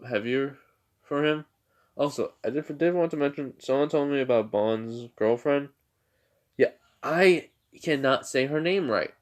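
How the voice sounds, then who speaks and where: Man, casual fan-story narrator, rambling, halting, filler-heavy, average pitch. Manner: rambling with many fillers and restarts. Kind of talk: casual fan-fiction retelling.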